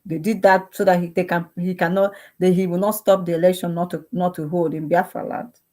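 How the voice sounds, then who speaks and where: A woman's voice: fairly low pitch, little pitch movement, brisk, a little mellow. A young Nigerian woman making an impassioned appeal that turns into fervent prayer, full of pleading rhetorical questions. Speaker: activist.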